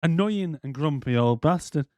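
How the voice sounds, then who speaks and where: A man's voice: a little high, expressive, moderate pace, darkish tone, no echo. A man co-hosting a podcast, ranting in casual, profane chat and slipping into mock voices. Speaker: podcast co-host.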